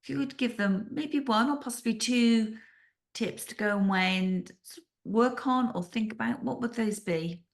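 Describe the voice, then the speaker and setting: A woman hosting a podcast interview, asking questions and restating answers with searching pauses. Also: fairly high pitch, gravelly. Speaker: podcast host.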